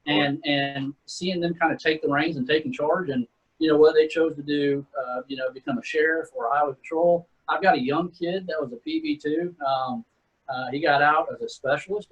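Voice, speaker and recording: A man's voice: fairly high pitch, husky, lo-fi sound. A middle-aged man, a retired Army sergeant, telling war stories in a laid-back, casual way and calling people "man" and "dude". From Texas. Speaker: retired Army sergeant first class, guest. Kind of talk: casual storytelling.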